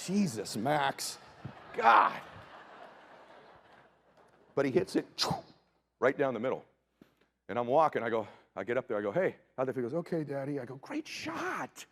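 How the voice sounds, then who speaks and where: A middle-aged man giving a motivational keynote, telling a story with big swings from hushed asides to shouts. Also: medium pitch, animated, normal speed, long pauses. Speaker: motivational speaker.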